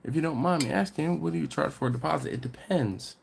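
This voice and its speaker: A man's voice: fairly high pitch, fast talker, gravelly, slight background noise. A middle-aged man with a congested voice, hosting a barbecue channel's live stream in a casual, rambling way with many fillers and restarts.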